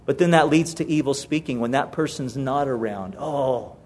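A man's voice: medium pitch, brisk, a little mellow. A male pastor preaching a sermon in a conversational way, repeating his key phrases.

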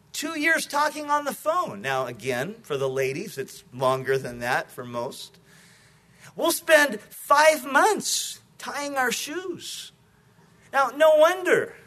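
A man's voice: high voice, bright, forceful tone. A male pastor preaching an evening sermon, joking with the congregation before teaching from scripture.

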